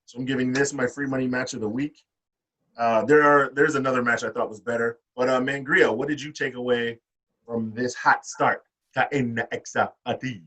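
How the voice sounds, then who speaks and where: A man's voice: mid-range voice, steady tone, normal speed, fairly bright tone, distant mic, rough recording. A man hosting a casual wrestling podcast, cursing freely as he reads his shorthand match notes. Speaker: podcast host.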